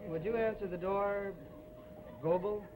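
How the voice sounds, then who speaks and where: A man playing a mild, bumbling father filling in as den mother, talking in an easygoing, deadpan, halting way, heard over a noisy TV broadcast with a studio audience. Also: sits high. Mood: droll. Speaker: comedian host of a TV variety show.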